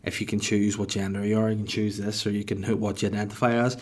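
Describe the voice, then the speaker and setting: Northern irish guy doing a sweary rambling podcast rant, lowish voice. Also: flat delivery, fast talker. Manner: rambling, profane, jokey. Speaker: podcast host. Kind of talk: casual monologue.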